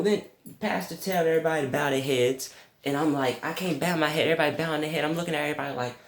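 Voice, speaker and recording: A young man telling a comic story with crude language, jumping to high yelps when quoting himself. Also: roomy sound. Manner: animated, profane, jumps to high yelps for quoted reactions. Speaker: comedic storyteller.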